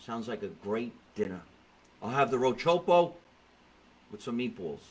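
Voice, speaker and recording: A middle-aged man hosting a comedy podcast, telling stories in a jokey, animated way with quoted voices. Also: mid-range voice, measured pace, husky, poor audio. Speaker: podcast host. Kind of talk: comedic casual chat. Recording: faint background noise.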